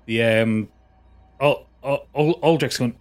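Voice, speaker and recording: A man's voice: medium pitch, takes it slowly, faint music behind. A man narrating as game master in a casual, laughing way, often restarting his sentences.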